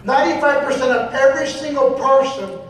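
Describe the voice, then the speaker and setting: A man's voice: extremely high pitch, fairly quick, fairly bright tone. A man giving a motivational seminar talk, preachy and repetitive, firing questions at the audience. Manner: preachy, repeats phrases, asks the audience questions. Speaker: motivational speaker. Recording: echoey hall, voice from far off, faint noise.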